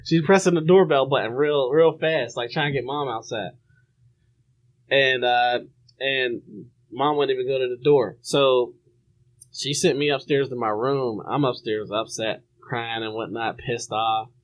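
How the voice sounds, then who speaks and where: A young man hosting a podcast, telling a story in a lively, animated way, often restarting and acting out the voices. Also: mid-range voice, measured pace, muffled recording. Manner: animated, restarts a lot, acts out the people in his story. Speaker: podcast host. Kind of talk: casual storytelling.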